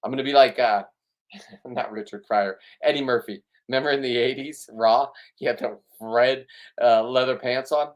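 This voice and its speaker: A middle-aged man rants to his viewers in a blunt, rambling vlog monologue. He sounds riled up and keeps restarting his sentences. His voice sits at an ordinary middle pitch. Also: moderate pace. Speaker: vlogger. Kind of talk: ranting casual monologue to camera.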